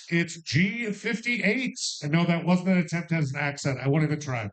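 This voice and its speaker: A man calling bingo numbers with playful rhymes and jokes, repeating each number slowly. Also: fairly high pitch. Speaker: bingo caller.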